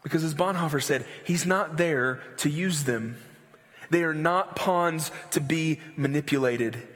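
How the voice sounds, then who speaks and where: A man preaching a sermon in a loose, animated way with slangy asides. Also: a little high, unhurried, long reverb tail. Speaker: pastor.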